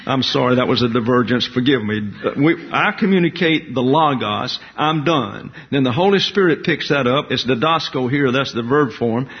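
A man preaching an expository Bible teaching sermon as pastor, speaking deliberately, explaining Greek terms and making side remarks. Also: mid-range voice. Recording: dull lo-fi recording.

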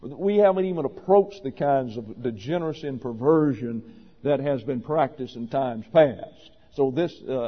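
A man preaching a sermon to a congregation, emphatic and wry, with sarcastic asides. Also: mid-range voice. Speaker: pastor. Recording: dull audio with long reverb.

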